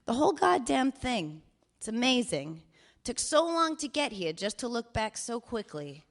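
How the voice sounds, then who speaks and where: A woman's voice: a little high, sing-song, unhurried, vocal fry, exaggerated voice. A woman voicing her older father reading his voicemails, swearing freely and joking with wry affection. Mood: affectionate rambling. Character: older father, cheerful, profane, doting. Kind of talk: reading voicemails aloud in character.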